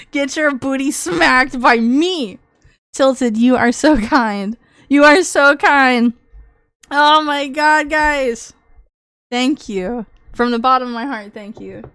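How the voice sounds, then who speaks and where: A woman livestreamer in casual chat with her viewers, excitable, swearing freely and laughing often. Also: high voice, smooth, no room sound, studio quality.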